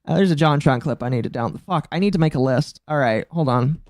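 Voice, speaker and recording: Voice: mid-range voice, brisk, darkish tone, no room sound, studio quality. Blunt, profane streamer in their mid-twenties. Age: mid-20s. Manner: blunt, profane and mocking, rising to indignant outbursts. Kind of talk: casual live-stream commentary.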